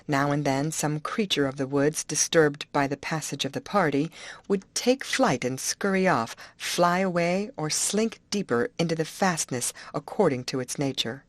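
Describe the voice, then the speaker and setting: A woman narrating an audiobook in a clear, expressive storytelling manner. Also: low-pitched, normal speed, no room sound. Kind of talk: audiobook reading.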